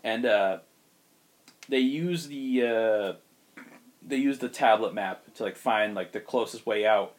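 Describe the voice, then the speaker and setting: A man casually pitching a story to a friend, loose and animated. He fills gaps with ums and likes and rolls on from one beat to the next. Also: slow pace, pauses often. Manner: loose, animated retelling with laughs and fillers. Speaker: host pitching a movie story.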